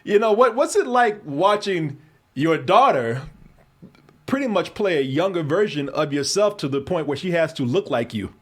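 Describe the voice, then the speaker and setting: A man with a slightly high voice hosts a casual interview. He is chatty and laughs easily. He strings his questions together in long, rambling runs. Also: very animated, moderate pace, a bit bright. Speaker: interview host.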